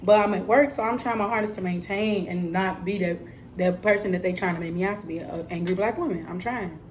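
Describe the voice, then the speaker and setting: A young woman telling a story in a casual, animated vlog style, emphatic and full of fillers. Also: on the low side, a little fast, a little hiss or hum. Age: young adult. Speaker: vlogger and cosmetics counter worker.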